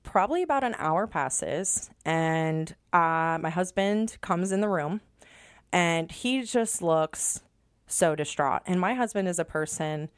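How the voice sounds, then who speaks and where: A young woman guest in a studio, recounting a hard personal story in an animated way and slipping into the voices of the people she quotes. Her voice sits fairly low for a woman, and the sound is close and dry with no room echo. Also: takes it slowly, smooth. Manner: animated, acts out remembered dialogue. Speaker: podcast guest.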